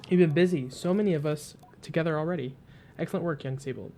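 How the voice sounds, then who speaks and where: A man voicing a gentle, motherly female queen of desert creatures, speaking graciously and formally over soft game music. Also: fairly high pitch, quick pace, slight background noise, close to an everyday voice. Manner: gracious, cooing, slightly formal.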